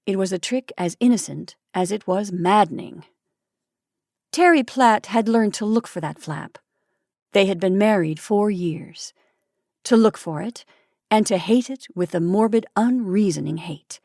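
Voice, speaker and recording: Storytime host, expressive measured reading, mid-range woman's voice, dry close sound. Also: medium pitch, no echo. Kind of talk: reading a classic short story aloud.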